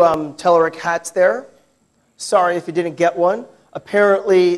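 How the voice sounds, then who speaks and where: Chatty American man giving a tech talk. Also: high-pitched. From New York, United States. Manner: chatty, joking with the audience. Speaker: conference speaker. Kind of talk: technical conference talk. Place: large conference hall.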